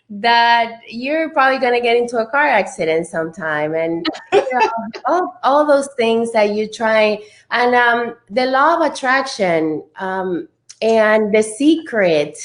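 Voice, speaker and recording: Slow-talking woman, motivational and chatty. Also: medium pitch. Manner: slow, laughing, many fillers and restarts. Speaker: guest speaker. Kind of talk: motivational chat.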